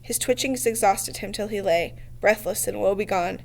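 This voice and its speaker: Steady female reader for novel narration, mid-pitched and measured. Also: vocal fry. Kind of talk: reading a novel aloud.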